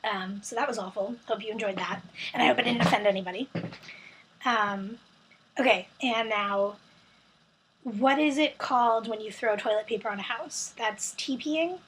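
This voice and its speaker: A woman's voice: on the high side, normal speed, pauses often, a bit bright, a little hiss or hum, rough recording. A young American woman, casually chatting and reading a word list for a vlog, with lots of ums and self-corrections. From United States. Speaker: vlogger.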